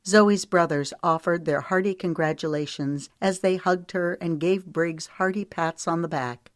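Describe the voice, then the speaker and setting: A woman with a low voice reads an audiobook, narrating steadily and giving the characters' lines small shifts. The sound is dry and close, with no room around it. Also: a little slow, no echo. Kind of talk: scripted narration.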